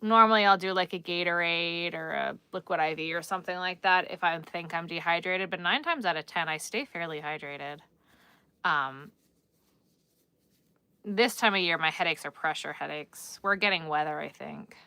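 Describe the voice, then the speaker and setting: A woman's voice: on the low side, moderate pace, pushed and bright, clean tone, no echo. Chatty New Jersey woman on a livestream. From Newark, New Jersey. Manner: chatty and rambling, answering chat while crocheting. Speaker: livestream host. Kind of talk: casual livestream chat.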